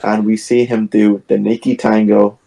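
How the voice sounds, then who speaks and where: A man with a low voice and a gravelly edge to it talks through a film's plot on a podcast. He retells the plot in casual chat and slips into the characters' lines as he goes. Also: normal speed, poor audio. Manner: animated retelling, acts out scenes. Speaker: podcast co-host. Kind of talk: casual film discussion.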